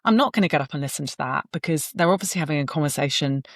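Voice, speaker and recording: A woman's voice: sits low, racing, no echo, clean studio sound. A woman in her forties, a guest, telling candid parenting stories in conversation and acting out the voices she quotes. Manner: animated, acts out quoted voices. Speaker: guest, surgeon and author.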